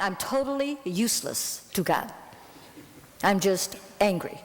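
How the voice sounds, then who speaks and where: A woman missionary telling a lively story to an audience, her voice jumping up when she recounts her anger. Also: medium pitch, measured pace, big-room sound. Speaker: missionary Bible translator.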